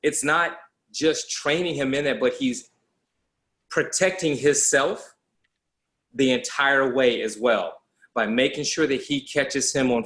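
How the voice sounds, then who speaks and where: A man's voice: medium pitch, fairly bright tone. Thoughtful man talking movies. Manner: thoughtful, restarts sentences. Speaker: podcast guest. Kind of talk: casual movie discussion.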